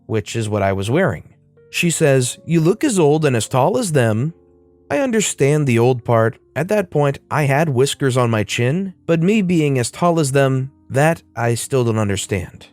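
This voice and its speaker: A man's voice: mid-range voice, darkish tone, dry recording. Casual male story narrator, wry, dry close sound, faint music bed. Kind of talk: reading online stories aloud.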